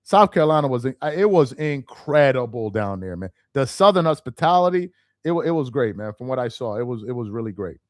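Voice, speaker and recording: A man's voice: medium pitch, big pitch swings, fairly quick, no echo, clean studio sound. A man hosting a casual live stream, chatting animatedly and reacting to viewer comments. He laughs easily and often repeats himself. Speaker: live stream host reading viewer chat.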